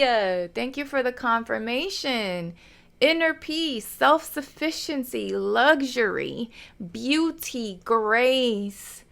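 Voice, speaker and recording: A woman's voice: a little high, lively intonation, slow pace, creaky, a bit bright. A woman giving a casual tarot reading to her viewers. She is chatty, laughs often, gets emotional and calls her viewers y'all. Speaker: tarot reader.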